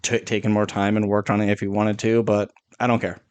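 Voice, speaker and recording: A man co-hosting a podcast, talking quickly and agreeably about films, often chiming in with short replies. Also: fairly low pitch, flat delivery, clean tone. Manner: quick, chatty, agreeable with frequent backchannels. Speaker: podcast co-host. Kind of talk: casual film discussion.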